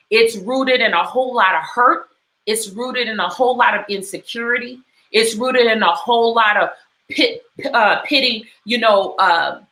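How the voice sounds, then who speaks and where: Woman, middle-aged, impassioned storyteller, bright tone, echoey room. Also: a little high. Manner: impassioned, storytelling with repeated phrases. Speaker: host. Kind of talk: personal commentary talk.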